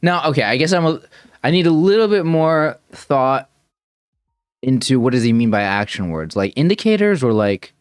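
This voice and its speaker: A man's voice: medium pitch, very animated, moderate pace, clear, resonant tone, no echo, clean studio sound. A man thinking aloud as he reacts to a puzzle video, rambling and correcting himself as he goes. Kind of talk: casual thinking-aloud commentary.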